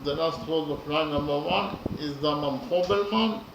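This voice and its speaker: A man giving a lesson on poetry in a slow, deliberate way, counting syllables aloud, with frequent fillers. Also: fairly high pitch. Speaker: lecturer on poetry. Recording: echoey room with audible background noise.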